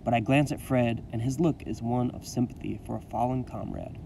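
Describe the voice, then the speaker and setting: Gravelly man reading a story aloud. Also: medium pitch, a little fast, far from the mic, background noise. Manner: expressive, dramatic first-person reading. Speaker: teacher reading to his class.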